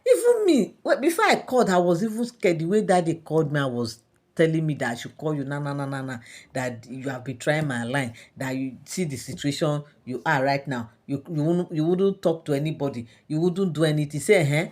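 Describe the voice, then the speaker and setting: A woman's voice: deep voice, expressive, a little fast, a little mellow. A Nigerian woman voicing an anxious, pleading young queen who talks to her husband in an earnest, urgent way.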